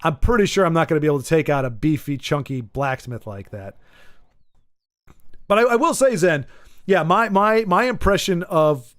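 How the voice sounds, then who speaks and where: A man's voice: fairly high pitch, lively intonation, moderate pace, fairly bright tone, no room sound, clean studio sound. A man from Michigan streaming a game, chatting casually with viewers and stumbling over and repeating his words as he rambles. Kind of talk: casual gameplay chat, reading viewer messages.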